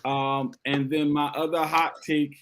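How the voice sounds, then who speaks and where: A man co-hosting a casual sports podcast, animated and repeating his points for emphasis. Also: a little high, a little slow. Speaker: podcast co-host.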